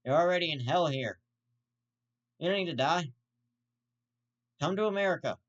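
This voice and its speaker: A man's voice: a little high, lively intonation, normal speed, dull audio. A man hosting his own show, giving profane ranting commentary in a blunt, repetitive way. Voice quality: blunt, profane and repetitive, circling back to the same insult. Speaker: show host.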